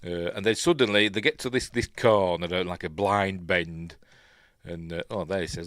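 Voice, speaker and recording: A man with a Yorkshire accent hosting a casual watch-along film review, chatty and rambling, full of ums and quick self-corrections. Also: low-pitched, fairly bright tone, no room sound, studio quality. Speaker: film reviewer, channel host.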